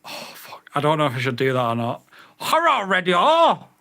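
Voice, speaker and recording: A man's voice: medium pitch, steady tone, quick pace, a bit bright, clean tone. A man reviewing a drone radio in a casual vlog, getting exasperated and swearing as he repeats voice commands.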